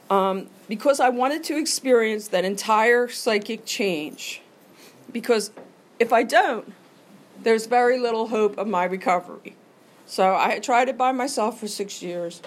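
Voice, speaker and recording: A middle-aged woman speaks at a recovery meeting in a mid-pitched voice, telling her own story with candid earnestness. She acts out the voice in her own head as she goes, in the manner of a personal recovery share.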